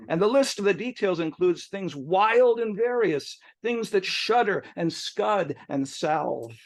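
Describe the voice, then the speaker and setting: A man's voice: sits high, lively intonation, a little slow, no echo. A man introducing poets at a reading, chatting with asides and self-corrections, then reading quoted lines of poetry aloud. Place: poetry bookshop reading, hybrid video call.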